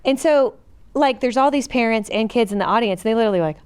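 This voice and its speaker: A middle-aged woman co-hosting a podcast, telling a personal story in an earnest, animated, chatty way. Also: on the high side, quick pace, clean tone. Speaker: podcast co-host. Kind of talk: personal storytelling in a casual chat.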